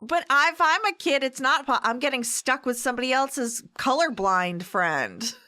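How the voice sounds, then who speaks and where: A woman guest on a podcast, chatting casually with incredulous, quick quips. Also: sits high, expressive, pushed and bright. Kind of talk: casual chat.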